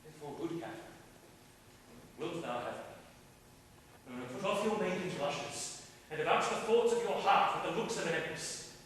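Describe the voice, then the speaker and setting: A man's voice: on the high side, expressive, normal speed, pauses often, fairly bright tone, a little hiss or hum. A man playing a bluff, teasing young king wooing his princess. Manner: teasing, declamatory verse delivery. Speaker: stage actor. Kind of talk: classical stage acting. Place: large indoor theater stage. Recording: distant stage sound in an echoing theater.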